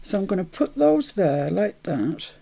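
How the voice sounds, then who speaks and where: A woman hosts a relaxed crafting livestream in a gravelly, creaky voice. She murmurs her steps half to herself, then lifts her voice brightly to greet viewers in the chat. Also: medium pitch, measured pace, a little hiss or hum. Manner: chatty, greets viewers brightly, mutters to herself while working. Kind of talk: casual live chat while crafting.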